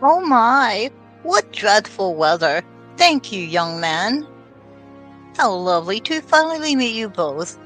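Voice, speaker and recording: Woman doing an elderly genteel lady detective, fussy, polite, slow, lilting, faint music. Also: mid-range voice, very animated, fairly bright tone, rough recording. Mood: gracious.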